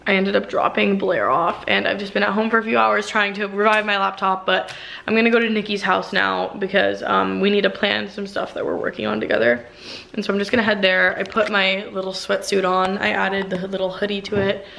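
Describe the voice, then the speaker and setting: A woman's voice: medium pitch, level tone, a little fast, creaky, fairly bright tone, slight background noise. A woman in her twenties chatting casually to the camera in a vlog, full of "like" and "literally". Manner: chatty, says "like" and "literally" a lot. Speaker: vlogger. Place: in her car and at home.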